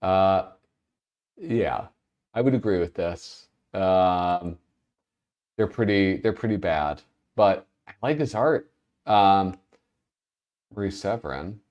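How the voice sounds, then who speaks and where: A man's voice: sits low, takes it slowly, pauses often, lo-fi sound. A man hosting a casual livestream, chatting loosely with viewers, often breaking off mid-thought and laughing as he talks. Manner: rambling, self-interrupting, laughs while talking. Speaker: host.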